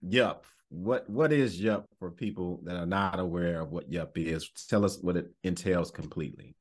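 An interview host asking questions in a relaxed way, laughing often. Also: low-pitched, moderate pace. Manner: relaxed, laughs often, frequent "mm-hmm" backchannels. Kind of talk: casual interview.

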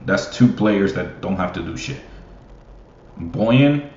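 Slow, low-voiced young man ranting. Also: animated, a little mellow. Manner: profane, rambling, laughs often. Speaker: basketball fan. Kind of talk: casual solo commentary. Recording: roomy, muffled, faint hiss.

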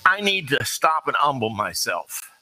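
A man's voice: mid-range voice, very animated, a little slow, pushed and bright, low-quality recording. A man preaching an earnest, conversational sermon with folksy asides.

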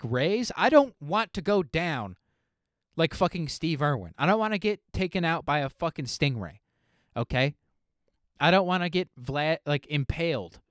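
A man's voice: on the high side, no room sound, clean studio sound. A man hosting a solo podcast, rambling casually with lots of swearing and fillers. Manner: rambling, profane, filler-heavy. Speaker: podcast host.

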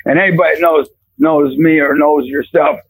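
A man's voice: on the high side, fairly even intonation, moderate pace, slightly rough, rough recording. A middle-aged man, a preacher and youth basketball coach, telling a story in a faith conversation and acting out the voices in it with big jumps.

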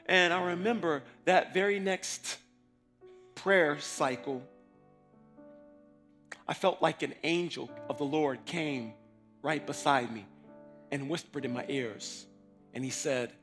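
A man's voice: a little high, slow, pauses often, a bit bright, faint music behind. A man telling a personal faith story in a casual way, acting out his own past words as quotes. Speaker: person giving a testimony.

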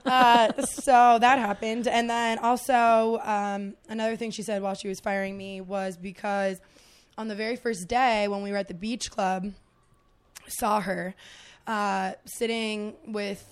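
A woman's voice: medium pitch, little pitch movement, normal speed, clean tone. A woman guesting on a podcast, telling a story in casual chat, swearing freely and laughing along.

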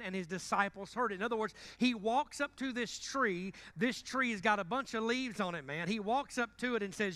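A male pastor with a twang delivers a sermon in a church. He has a high, bright voice. He jokes with the congregation, then jumps from loud bursts to quiet asides. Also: expressive, a little fast, hardly any pauses. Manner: joking and conversational, swinging between loud bursts and quiet asides. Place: church sanctuary.

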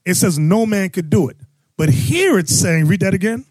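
Loud high-voiced male preacher. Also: lively intonation, normal speed, no echo. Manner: loud, emphatic, calls out the audience. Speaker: preacher leading a scripture teaching. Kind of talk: street-style scripture teaching.

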